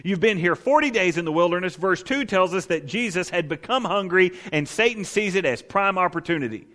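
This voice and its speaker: A male pastor preaching a sermon in an animated, conversational way with rhetorical asides. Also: sits high, a little fast, few pauses.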